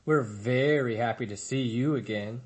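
A man voices a bossy young female bear from a storybook, dripping with sarcasm and mean to everyone. Her lines come loud and sneering. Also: fairly high pitch, sing-song, brisk. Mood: sarcastic.

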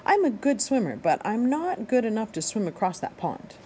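Woman voicing a squeaky, excited young gosling. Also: normal speed, slight background noise. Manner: excited, exclaiming. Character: excited young male gosling, eager and chirpy.

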